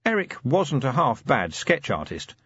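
A man narrating an audiobook in a dry, measured storytelling manner. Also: medium pitch, wildly swooping pitch, a bit bright, husky, no room sound. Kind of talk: scripted narration. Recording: slightly dull, muffled audio.

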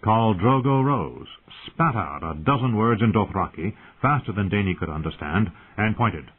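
A man narrating a fantasy audiobook in a measured, tense storytelling manner. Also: fairly low pitch, expressive, husky. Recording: tinny phone-like audio.

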